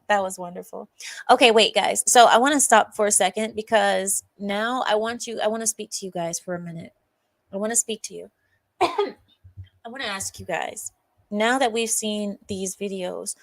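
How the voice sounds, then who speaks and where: A woman's voice: mid-range voice, no room sound. A woman hosting a livestream, reacting to a video and talking to her viewers in a mocking, chatty way, often laughing. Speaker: livestream host.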